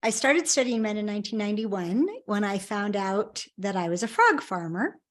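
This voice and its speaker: A woman's voice: mid-range voice, lively intonation, moderate pace. A middle-aged woman, a guest author in a conversational interview, telling her story earnestly and with emphasis.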